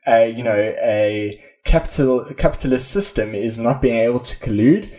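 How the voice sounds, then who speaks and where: A man's voice: medium pitch, animated, normal speed, dark tone. South African man, hesitant podcast co-host. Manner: rambling, hesitant, with self-corrections. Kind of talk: casual podcast chat.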